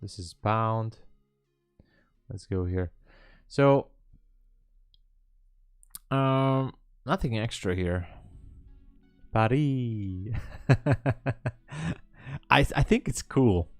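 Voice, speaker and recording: A man's voice: fairly low pitch, expressive, extremely slow, long pauses, smooth, no room sound, faint music behind. A man hosting a live trading stream, chatting casually and hesitantly with viewers in a rambling way. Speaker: livestream trading host.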